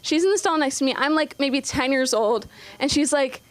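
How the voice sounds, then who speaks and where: A woman's voice: high voice, normal speed, no room sound. A young woman doing her first stand-up set, nervous and rambling with lots of ums and likes. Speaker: first-time stand-up comic. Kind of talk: open-mic stand-up set. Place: comedy club stage. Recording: live club audience noise.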